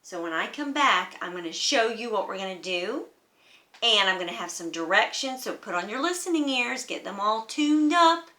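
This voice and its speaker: A female music teacher leads a music lesson for young children, speaking gently and encouragingly. Her mid-range voice is expressive and moderately paced.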